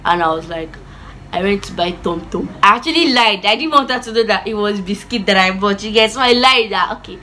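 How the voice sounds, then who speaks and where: A woman telling a childhood story in a chatty, animated vlog style with lots of asides. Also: medium pitch, fast, few pauses, slight background noise, low-quality recording. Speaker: vlogger.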